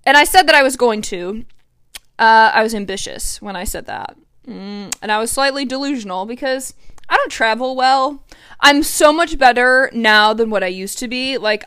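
Woman in her twenties, bubbly chatty podcast host, slightly high voice, dry close sound. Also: fairly bright tone, clear, resonant tone, dry recording. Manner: bubbly, chatty, many fillers and "like"s. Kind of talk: casual solo podcast chat. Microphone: podcast microphone.

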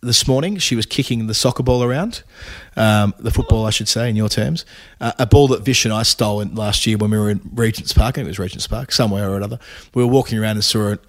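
A man's voice: on the low side, fast. A middle-aged man hosting a podcast, talking casually and rambling a little, with chatty asides, including ad reads. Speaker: podcast host.

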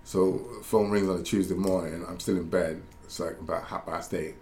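Low-voiced former footballer telling anecdotes. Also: male voice, steady tone, normal speed, darkish tone. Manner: rambling, laughing anecdotes with self-corrections. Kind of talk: casual storytelling chat. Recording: roomy echo with faint background noise.

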